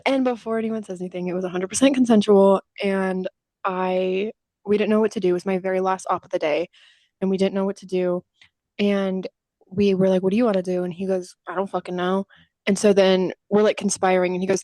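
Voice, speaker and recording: A young woman co-hosts a casual podcast, rattling through stories and slipping into quick impressions of what people said. She swears freely and keeps it loose. Her mid-range voice sits close and dry, with no room sound. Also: mid-range voice, darkish tone, no room sound. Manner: chatty storytelling, casual swearing, acts out quotes. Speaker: podcast co-host. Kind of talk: casual chat.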